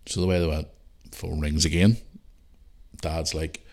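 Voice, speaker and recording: Deep-voiced Northern Irish man telling a story. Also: flat delivery, measured pace, a little mellow. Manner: rambling, swearing, laughing storyteller. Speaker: podcast host. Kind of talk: casual storytelling.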